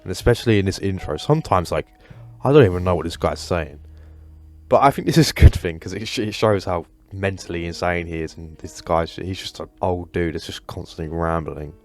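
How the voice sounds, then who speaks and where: Low voiced guy chatting about a game, tons of "like"s, soft music under him. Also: a little fast. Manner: enthusiastic, rambling with many fillers. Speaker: gaming video host. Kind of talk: casual commentary.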